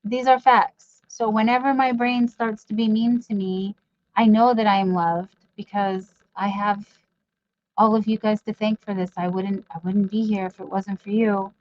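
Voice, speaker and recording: A woman's voice: medium pitch, little pitch movement, normal speed, darkish tone. A woman hosting a casual live stream, rambling as she reads viewers' chat aloud and teases herself. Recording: dull lo-fi stream audio.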